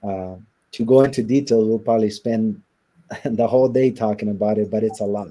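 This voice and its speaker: A man with a low, very dark and mellow voice tells his own story in an interview. He talks casually, acting out old conversations and leaning on "you know" and "like". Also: fairly even intonation, brisk. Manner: casual, storytelling with many quoted exchanges and fillers. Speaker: interview guest.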